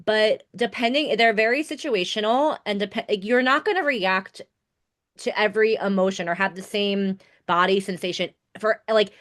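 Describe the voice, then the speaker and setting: A chatty woman hosting a podcast, her speech loose and full of fillers. She laughs easily and sounds animated and warmly engaged with her guest. Her voice sits at an everyday middle pitch. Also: moderate pace. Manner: animated, laughs often, many filler words. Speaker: podcast host. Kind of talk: casual conversational interview.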